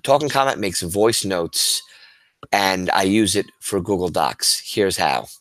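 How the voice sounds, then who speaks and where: A male teacher with a low, expressive, fairly bright voice presents a webinar to fellow educators at a measured pace. Casual and enthusiastic, he demonstrates tools on screen with frequent restarts and fillers, on a dry recording.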